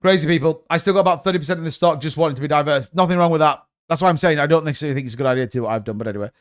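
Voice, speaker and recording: A man in his thirties from the United Kingdom hosts a crypto livestream, speaking very fast in a fairly high voice. His casual chat is blunt and rambling, with the occasional swear word.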